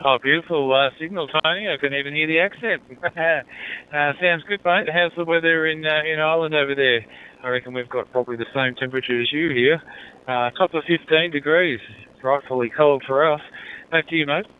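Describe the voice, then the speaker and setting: A man's voice: a little high, steady tone, fairly quick, clean tone. An Australian man chatting casually over a handheld radio in his car while driving home, friendly and easygoing. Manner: friendly, easygoing, says mate often. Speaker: amateur radio operator. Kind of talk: casual radio contact chat. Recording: narrow-band two-way radio audio.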